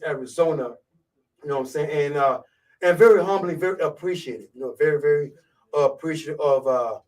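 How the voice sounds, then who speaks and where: A man's voice: a little high, distant mic, poor audio. A man with a thick French accent hosting a live radio show in a laid-back way. He talks casually and keeps checking in with his listeners. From Côte d'Ivoire. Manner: laid-back, keeps saying "you know what I'm saying". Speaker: radio host.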